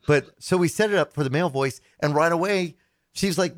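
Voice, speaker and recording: A man's voice: a little high, fairly quick, no echo, studio quality. A man co-hosting a tech podcast in casual chat, teasing and laughing easily. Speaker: tech show co-host.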